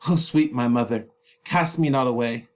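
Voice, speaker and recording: A man's voice: mid-range voice, moderate pace, close to an everyday voice. A man reading aloud as a grieving young woman begging her mother for mercy. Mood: pleading. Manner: pleading, anguished. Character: desperate grieving young woman, teenage daughter. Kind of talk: dramatic reading of a play.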